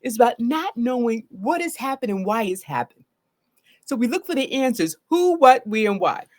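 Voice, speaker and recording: A woman's voice: on the high side, big pitch swings, normal speed, darkish tone. A middle-aged woman therapist giving a live solo talk about trauma. She speaks earnestly and often checks in with "right?".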